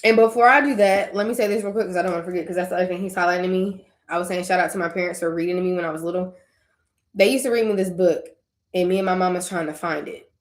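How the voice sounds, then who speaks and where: Racing along in a lowish voice with fairly even intonation, a young woman shares a personal faith vlog recorded with a roomy sound. She's casual and teary, prone to tangents, and laughs through her tears.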